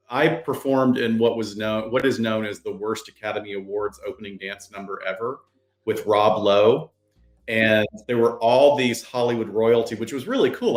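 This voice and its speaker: A man co-hosting a podcast, chatting casually and enthusiastically. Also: lowish voice. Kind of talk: casual chat. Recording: roomy echoey room.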